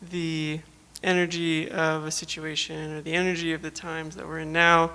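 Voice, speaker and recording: A man's voice: on the high side, monotone, normal speed, bright, forceful tone, smooth. A man in the audience asking a question hesitantly, with many fillers. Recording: long hall reverb.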